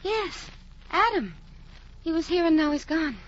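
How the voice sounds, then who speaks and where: A woman's voice: very high-pitched, animated, measured pace, lo-fi sound, slight background noise. An actress playing a young woman from the American South, delirious with fever, talking in a breathless, pleading way. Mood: dazed.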